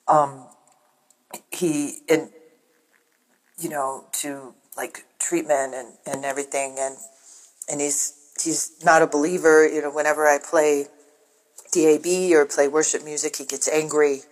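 A woman caller leaving a heartfelt prayer request about her son, speaking haltingly with many pauses and restarts. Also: low-pitched, steady tone, rough recording. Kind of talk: casual voicemail to a radio show.

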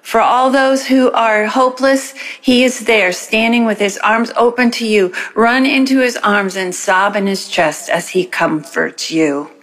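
A woman calls in to read her own devotional poem, her voice a little high and husky. She recites slowly and emotionally, pausing between short lines. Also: fairly even intonation, fairly bright tone. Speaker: caller reading her poem.

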